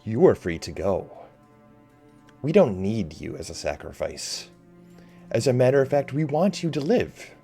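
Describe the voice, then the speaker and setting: Man doing a booming cult leader in a tabletop game, loud and grand, faint music behind. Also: sing-song, gravelly. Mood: ominous. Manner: grand, slow proclamations. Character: menacing male fire cult leader.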